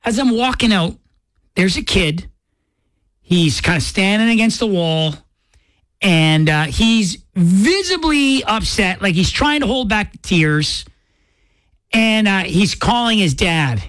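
A man's voice: sits high, fairly bright tone, no room sound. A man hosting a radio show, telling a rambling personal story in a casual, chatty way and correcting himself as he goes. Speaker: radio host.

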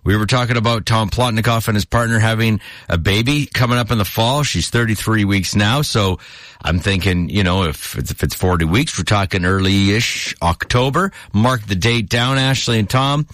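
A man's voice: lowish voice, no echo, studio quality. A man hosting a morning radio show, chatting casually and laughing as he acts out little scenes from his stories. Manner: chatty and animated, laughing, acting out quick voices in anecdotes. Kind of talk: casual on-air chat. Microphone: studio microphone.

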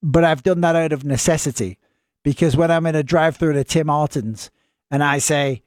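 A man's voice: a little high, fairly even intonation, fairly quick, no echo, clean studio sound. A man with a northern English accent, chatting casually to camera in a rambling, self-deprecating way. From northern England.

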